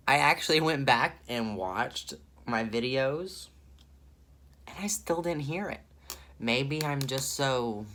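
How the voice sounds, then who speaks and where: A man's voice: mid-range voice, fairly bright tone. A man with a Southern US accent chatting through a makeup tutorial, thinking aloud and gushing over the colors. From Southern United States. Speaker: makeup vlogger.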